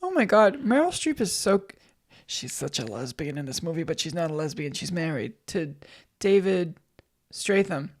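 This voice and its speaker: A woman co-hosting a podcast in casual chat, animated and joking, talking into a podcast microphone. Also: sits low, normal speed. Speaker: podcast co-host.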